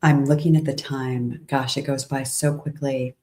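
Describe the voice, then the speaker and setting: A woman hosting an interview podcast, calm and affirming as she responds to her guest. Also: extremely low pitch, normal speed. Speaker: podcast host.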